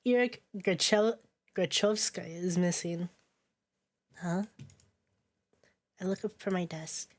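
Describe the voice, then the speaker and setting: A woman's voice: fairly low pitch, takes it slowly, pauses often. A woman streaming a narrative game, reading its text aloud and reacting with chatty commentary, laughing often and swearing casually.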